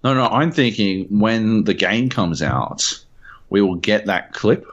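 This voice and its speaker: A man's voice: lowish voice, expressive, measured pace. An Australian man hosting a podcast in casual chat, rambling with many fillers and swearing. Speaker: podcast host. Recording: dull lo-fi podcast audio.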